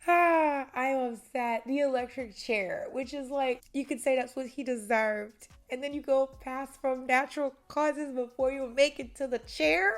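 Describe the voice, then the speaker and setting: A woman's voice: high-pitched, fairly even intonation, moderate pace, few pauses, faint music behind. A young woman hosting a true crime channel, telling a case in a casual way and breaking off often to vent her indignation. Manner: indignant, exclaiming commentary.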